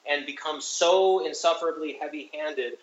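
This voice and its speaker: A man with a fairly high voice weighs up a film in a thoughtful, rambling way. He is recorded on a dull, lo-fi mic in a roomy, echoey space. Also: moderate pace. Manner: thoughtful, rambling, many fillers. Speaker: podcast co-host. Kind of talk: casual film discussion.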